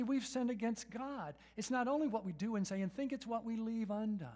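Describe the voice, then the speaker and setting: High-voiced man preaching a sermon. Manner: emphatic, asks the audience questions and repeats "right?"; rises to loud, urgent peaks and drops to soft, intimate tones.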